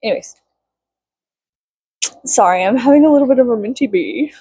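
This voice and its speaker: A woman in her thirties rants straight into her phone, swearing freely and slipping into high, sarcastic mockery. Her voice is a bit husky and sits fairly high. The sound is dry and close. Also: animated, normal speed, mellow, no echo, low-quality recording. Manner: profane, sarcastic, swings into high mocking tones. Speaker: vlogger. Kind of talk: casual venting rant to camera.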